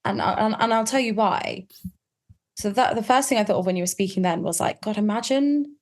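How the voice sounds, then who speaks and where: A woman's voice: mid-range voice, a little fast. A woman guest on a casual podcast chat, talking in a chatty, reflective way and often qualifying herself.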